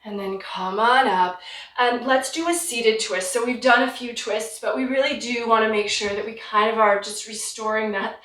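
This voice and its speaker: A woman leading a guided yoga class from home, giving relaxed, encouraging cues while slightly out of breath. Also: a little high, moderate pace. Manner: relaxed, encouraging cues with light self-deprecation. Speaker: yoga instructor. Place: home practice room. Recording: roomy sound from a distant mic.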